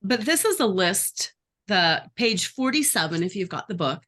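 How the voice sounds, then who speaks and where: A life coach teaching a workshop, lively and acting out the voices she describes. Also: mid-range voice, moderate pace. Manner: animated, acts out inner voices.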